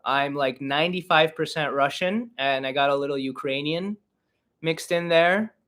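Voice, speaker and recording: A young man from Canada hosts a solo livestream Q&A. His voice sits a little high for a man. He rambles and cracks self-deprecating jokes as he answers fan questions. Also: normal speed, a bit bright. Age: 20s. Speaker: comedian and podcast host. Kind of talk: casual livestream Q&A.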